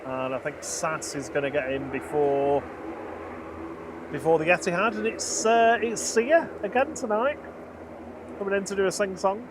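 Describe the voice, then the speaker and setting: A man's voice: high voice, moderate pace, background noise. A man co-hosting a live plane spotting stream, calling out arriving aircraft, reading viewer messages and joking with his partner. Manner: jokey, calls aircraft and reads chat. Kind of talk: casual commentary.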